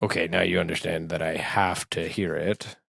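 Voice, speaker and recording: A man co-hosting a podcast, chatting casually and telling animated, self-mocking stories with profanity. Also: low voice, moderate pace, vocal fry, no echo, studio quality. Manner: animated storytelling, acts out his own scared drunken voice in quotes. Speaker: podcast co-host. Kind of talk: casual chat.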